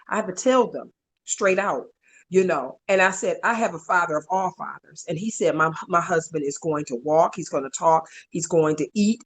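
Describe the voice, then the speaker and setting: A middle-aged woman, wife and caregiver of a stroke survivor, telling her story in an interview with animated, emotional delivery. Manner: animated, voice jumps high when reliving moments.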